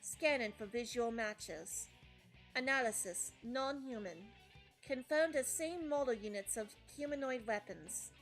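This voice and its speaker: A woman doing a female combat android who reports everything in a flat, mechanical monotone with a put-on accent. The voice sits fairly high, with faint music underneath. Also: measured pace. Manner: monotone report-style delivery. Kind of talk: fan voice-over of a game.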